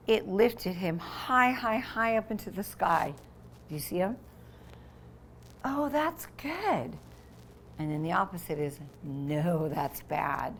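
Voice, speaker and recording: A woman teacher reading a picture book aloud to young children, pausing to explain words and voicing the sound effects with lively expression. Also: medium pitch, slight background noise.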